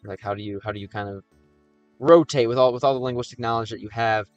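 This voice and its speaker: A man's voice: mid-range voice, steady tone, quick pace, dry recording, dull audio, soft background music. Easygoing American man chatting on stream. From United States. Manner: chatty and easygoing, reads viewer questions aloud. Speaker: livestreamer. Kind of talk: casual livestream chat with viewers.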